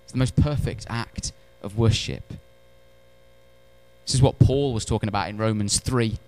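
A man preaching a sermon in church, animated, swinging between loud emphatic lines and hushed ones, with wry humorous asides. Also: fairly low pitch, moderate pace. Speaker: pastor.

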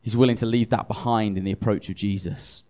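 A man's voice: lowish voice, steady tone, brisk, warm tone. A tired man preaching a conversational sermon, self-deprecating and chatty, often restarting his sentences.

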